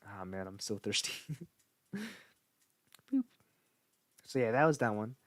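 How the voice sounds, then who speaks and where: Lively man reading horror stories. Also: on the low side, measured pace, a little hiss or hum. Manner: casual, jokey between readings. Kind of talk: livestream horror story reading.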